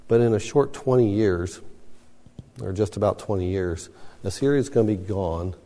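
A low, gravelly man leads a Bible class, stressing key words and putting questions to his listeners. His tone is dark and mellow. Long reverb trails each phrase. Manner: conversational, emphatic, questions the class. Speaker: Bible study teacher.

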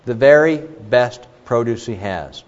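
A man preaching a sermon in an animated, questioning manner, with asides to the congregation. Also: medium pitch, unhurried. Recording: dull recording with long hall reverb.

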